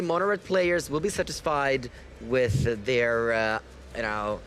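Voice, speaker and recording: A man's voice: mid-range voice, unhurried. Man commentating a card game match. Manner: lively, self-correcting, analytical. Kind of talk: live esports commentary. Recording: faint background noise.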